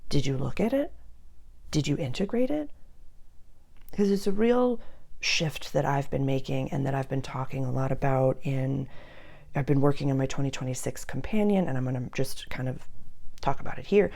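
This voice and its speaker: Woman astrologer, earnest guidance talk, low gravelly voice, mellow tone. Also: normal speed. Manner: earnest, drops to a whisper for emphasis.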